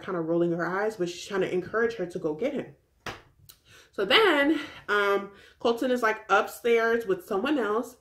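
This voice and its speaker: Young woman gabbing through a reality tv recap, chatty and animated, mid-pitch voice. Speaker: recap vlogger.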